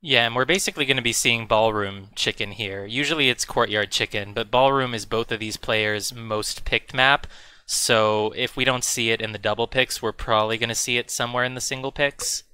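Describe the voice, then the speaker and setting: A man's voice: medium pitch, normal speed, sharp tone, smooth, no echo. A man co-casting a live online game match, speaking fluently and steadily as he sets up the draft and quotes stats. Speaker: esports co-caster.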